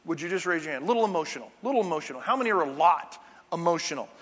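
High bright-voiced male pastor preaching. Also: lively intonation, rapid-fire. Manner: chatty, jokey asides to the congregation. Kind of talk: conversational sermon. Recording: long church-hall reverb.

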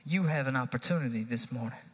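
Preaching live in a church sanctuary, this American youth pastor talks fast, his medium-pitched voice fairly bright and slightly rough. He works the congregation toward emphatic lines he repeats, and a long hall reverb hangs over everything.

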